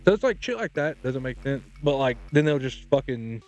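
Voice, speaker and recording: A man's voice: mid-range voice, sing-song, moderate pace, darkish tone. A young man co-hosting a podcast, laid-back and profane, laughing often as he tells stories. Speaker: podcast co-host. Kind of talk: casual chat.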